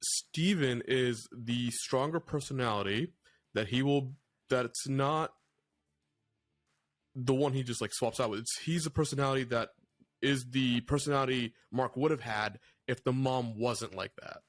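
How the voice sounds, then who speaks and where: A man in casual podcast chat, thinking out loud and restarting sentences as he analyzes. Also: mid-range voice, unhurried. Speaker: podcast co-host.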